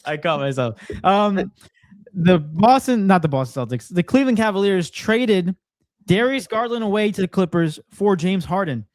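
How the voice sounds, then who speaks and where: A man co-hosting a casual sports chat, opinionated and confident, talking in quick bursts. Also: sits high, animated, darkish tone, no echo. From Portuguese heritage. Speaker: co-host.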